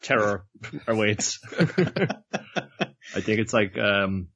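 A man's voice: lowish voice, steady tone, slow, pushed and bright, breathy edge, dry recording, muffled recording. A man in casual conversation, amused and jokey, laughing often while recapping a cartoon. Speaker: podcast co-host. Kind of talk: casual chat recapping an anime episode.

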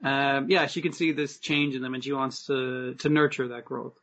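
A man's voice: mid-range voice, steady tone, moderate pace, fairly bright tone. A man, co-hosting a podcast, chatting casually about an anime and swearing freely. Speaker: podcast co-host. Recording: slightly dull lo-fi recording.

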